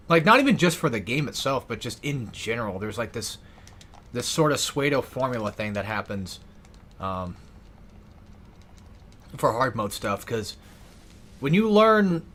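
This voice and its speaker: A man's voice: medium pitch, fairly bright tone. Rambling, swearing male gameplay commentator. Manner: rambling, sarcastic, swears often. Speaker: gaming YouTuber.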